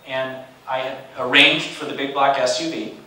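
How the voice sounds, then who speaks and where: A man in his forties giving a storytelling lecture as a guest speaker, animated and conversational with wry humor. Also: mid-range voice, moderate pace. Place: large university lecture hall. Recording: echoey hall, distant mic.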